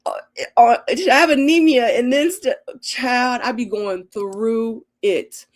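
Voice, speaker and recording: A middle-aged woman hosting a casual live Q&A and reading viewer comments. She talks in an animated, emotional way. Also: fairly high pitch, takes it slowly. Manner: animated and emotional, acts out her own quotes with laughter. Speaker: livestream host.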